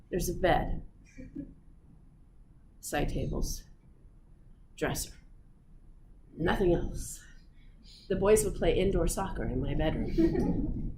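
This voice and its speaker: A middle-aged woman teaching physiology to a class, telling animated stories and acting them out. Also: sits low. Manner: animated, acts out her stories. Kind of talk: classroom lecture with storytelling. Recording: echoey room, audible room noise.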